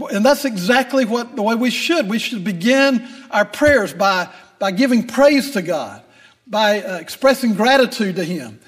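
A man's voice: extremely high pitch, in a large hall. An older man with grandchildren, preaching a sermon in a folksy, conversational way with frequent fillers and restarts.

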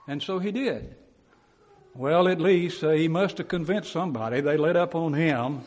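A preacher teaches a Bible class in a plain, folksy style, acting out the quotes he recounts at a moderate pace. His voice is somewhat high for a man, and the long reverb of a church hall trails after his words.

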